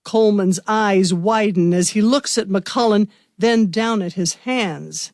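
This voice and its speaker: A woman hosting a podcast, giving measured scripted narration for a radio-theater mystery. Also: mid-range voice, a little mellow, no echo, studio quality.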